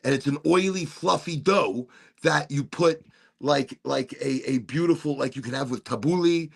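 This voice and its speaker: A man hosting a casual podcast chat, telling stories in an animated way and swearing freely. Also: on the high side, moderate pace, gravelly. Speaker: podcast host.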